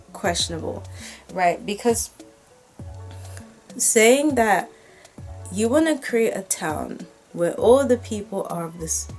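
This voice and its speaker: A woman's voice: lowish voice, a little mellow. A woman from Britain vlogging in a chatty, rambling way, correcting herself mid-sentence and tossing in wry asides. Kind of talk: casual talking-head commentary.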